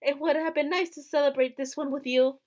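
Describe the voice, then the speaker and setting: A woman reading out the lines of a gentle, resigned young man in a visual novel, in a soft, earnest way. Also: high-pitched, steady tone, fairly quick, lightly acted. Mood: tender.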